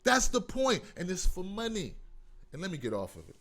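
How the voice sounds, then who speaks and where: A man's voice: high-pitched, huge pitch swings, a little fast, a bit bright. A man hosting a call-in talk show, ranting with passion and profanity. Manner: impassioned, profane, emphatic. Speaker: host. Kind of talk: heated call-in show rant.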